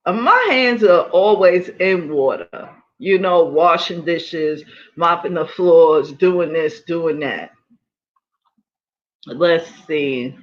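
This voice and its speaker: A middle-aged woman hosting a casual livestream, talking in an animated way, laughing often and repeating her points for emphasis. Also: lowish voice, slow pace, muffled recording. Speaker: livestream host.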